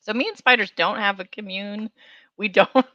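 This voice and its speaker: A woman hosting a podcast, telling a story in a lively casual way with lots of fillers and laughter. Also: medium pitch, moderate pace, no echo, highs cut off. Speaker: podcast host. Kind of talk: casual chat.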